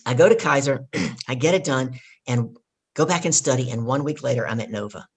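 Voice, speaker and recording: A middle-aged woman, a guest on an interview podcast, telling stories in a lively way and acting out the dialogue. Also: very deep voice, a little fast, slightly rough. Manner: animated storyteller who acts out quoted dialogue. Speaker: guest speaker. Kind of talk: casual storytelling interview.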